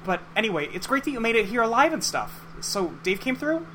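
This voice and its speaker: A man's voice: very high voice, sing-song, a little fast, fairly bright tone, slight background noise, pitched above the performer's own voice, full character voice. A man voicing an upbeat, goofy teenage boy who talks in a casual, teasing way. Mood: playful.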